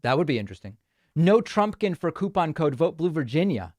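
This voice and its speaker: A male host running a live-stream show, reacting to callers with quick exclamations. His pitch sits a little high and swings widely. The sound is dry and close. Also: sing-song, darkish tone, dry recording.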